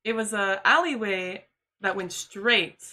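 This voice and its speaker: A woman streamer with a medium-pitched voice, slow, bright and forceful, tells a personal story in casual chat. She rambles loosely, "like" popping up constantly and "you know" scattered throughout.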